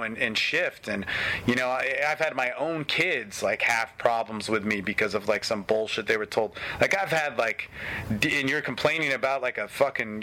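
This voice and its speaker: A man's voice: mid-range voice, sharp tone, a little hiss or hum. A man hosting a casual podcast chat, telling stories in a blunt, heated, profane way. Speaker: podcast host, coach.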